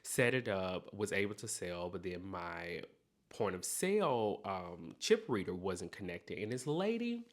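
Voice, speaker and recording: A man hosting a self-help podcast, talking straight to the listener in an animated, encouraging way. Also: sits low, a little slow. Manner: animated, speaks straight to the listener with repeated okays. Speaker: podcast host.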